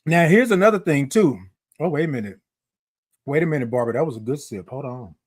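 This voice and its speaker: A man hosting a live-streamed morning show, chatty and lively, calling out greetings to his viewers. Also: fairly high pitch, fast, no room sound, clean studio sound. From Houston, Texas. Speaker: host.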